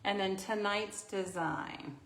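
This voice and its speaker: A woman's voice: medium pitch, takes it slowly, creaky, a bit bright. A woman hosting a live painting tutorial indoors, chatty and self-deprecating, laughing easily as she explains her steps. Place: indoor craft studio under filming lights. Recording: roomy echo, faint noise.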